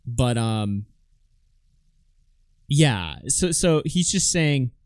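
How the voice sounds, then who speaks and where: A man commenting on a clip during a live stream, mocking the speaker and mimicking him in loud shrieks. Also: medium pitch, lively intonation, very slow, long pauses, smooth, dry recording, studio quality.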